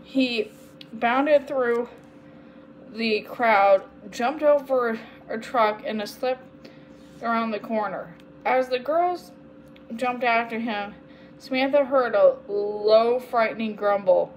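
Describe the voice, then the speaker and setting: A woman reading a children's chapter book aloud, steady with small slips and corrections. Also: a little high, takes it slowly, a little hiss or hum, rough recording. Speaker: storyteller.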